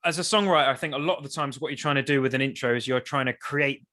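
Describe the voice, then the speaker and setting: A man, a songwriter guest on a podcast, talking in a thoughtful, hesitant way with many restarts, his voice still a bit rough from the early morning. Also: medium pitch, very fast, bright, forceful tone. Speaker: musician guest. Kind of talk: casual interview chat.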